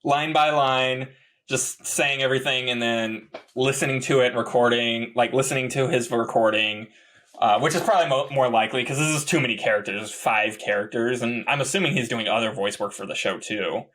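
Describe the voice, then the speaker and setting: A man co-hosting a podcast in casual chat, rambling and rising into excited outbursts. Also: mid-range voice, fairly quick. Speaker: podcast co-host.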